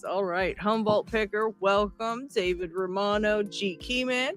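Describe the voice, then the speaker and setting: A woman hosting a live stream, chatty and quick to laugh as she greets viewers one after another. Her voice sits in a mid range. Light music plays faintly behind her. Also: medium pitch, fairly even intonation. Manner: chatty, laughs often, greets chat by name. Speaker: livestream host. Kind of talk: casual livestream chat.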